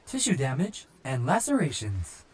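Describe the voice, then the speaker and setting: Man doing a monotone police android. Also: mid-range voice, moderate pace, a little hiss or hum, pitched above the performer's own voice. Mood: commanding. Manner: flat, clipped machine-like statements. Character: monotone male police android, calm and mechanical.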